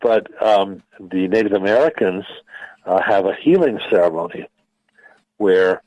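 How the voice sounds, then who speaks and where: A man, a physicist guest on a radio interview, explaining in a measured, halting way with many fillers and restarts. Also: low voice, a little mellow, rough recording.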